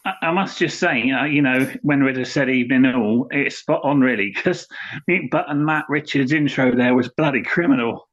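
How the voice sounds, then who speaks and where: A man's voice: medium pitch, normal speed, a bit bright, highs cut off. A British man co-hosting a podcast, chatting casually in a rambling, self-mocking way. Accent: British English. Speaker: podcast co-host. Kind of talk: casual chat.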